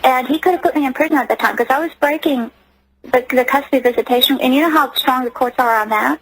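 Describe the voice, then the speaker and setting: A woman's voice: high voice, fast talker, a bit bright, breathy edge, no echo, low-quality recording. A woman giving personal testimony as a radio interview guest, earnest and emotional, often restarting her sentences.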